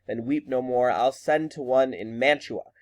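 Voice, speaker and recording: A man reading the lines of a stern, scheming noble mother from a play, his pitch raised a little. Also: moderate pace, a little mellow, close to an everyday voice.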